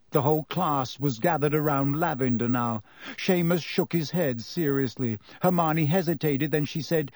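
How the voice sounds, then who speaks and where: A man narrating a children's novel in an expressive storytelling manner. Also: medium pitch, a little slow, no room sound. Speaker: audiobook narrator. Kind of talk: scripted narration.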